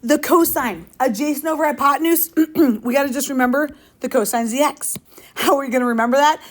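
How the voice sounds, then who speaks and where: A woman's voice: sits high, lively intonation, a little fast. A woman teaching a math lesson in a classroom, upbeat and playful, often asking the class questions. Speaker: high school math teacher. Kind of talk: classroom lecture.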